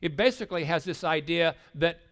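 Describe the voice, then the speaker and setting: An older man giving a sermon at a retreat, telling stories and stumbling over repeated words as he begins a thought, sometimes dropping to a hushed voice. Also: fairly high pitch, brisk. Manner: storytelling, dropping to a hushed voice for tender moments. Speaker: retreat speaker.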